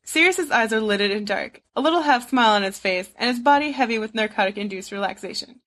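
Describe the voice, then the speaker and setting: A woman reading fan fiction aloud as an audiobook narrator, in an expressive, steady way. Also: medium pitch, brisk, few pauses. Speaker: podfic reader.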